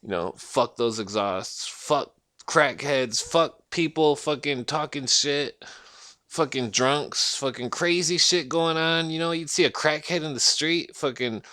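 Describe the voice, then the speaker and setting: A man's voice: on the high side, a little slow, bright, forceful tone, no echo, clean studio sound. A man rambling through a profane rant at home, swearing constantly, trailing off and restarting his sentences. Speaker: vlogger ranting to camera.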